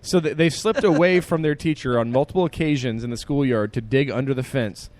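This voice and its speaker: A male co-host chatting casually on a comedy podcast, mid-pitched. He explains things at length, circling back and restarting often. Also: a little fast, a little mellow. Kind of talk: casual chat.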